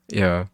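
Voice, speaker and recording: A young man with a British accent, a streamer chatting casually and rambling with his viewers. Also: dry recording. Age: young adult. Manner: rambling, self-interrupting, laughs often.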